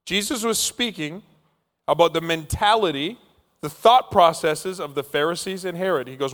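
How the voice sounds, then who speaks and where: High-voiced preacher in a reverberant hall. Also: male voice, expressive, normal speed. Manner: playful storytelling, acting out scenes. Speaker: pastor. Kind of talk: sermon. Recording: long reverb of a large hall.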